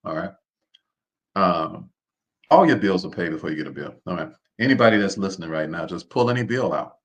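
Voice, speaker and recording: A man's voice: low voice, expressive, fairly quick. A man hosting a live online seminar. He talks in an informal, preacher-like way, repeats his phrases and keeps calling on the listeners to respond. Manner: preacher-like, calls on the audience to respond. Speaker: host.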